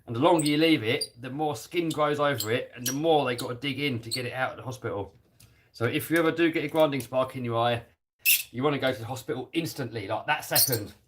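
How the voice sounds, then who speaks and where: A man's voice: medium pitch, fast talker, noisy background. A man with a British accent chatting on a live stream while he works on a radio-controlled car, reading out viewer comments and laughing easily. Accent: British English. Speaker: RC hobby YouTuber reading live chat.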